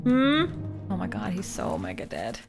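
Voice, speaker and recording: A woman's voice: medium pitch, wildly swooping pitch, moderate pace, gravelly. A woman from Canada streaming a game live, thinking aloud in a playful way. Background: game music.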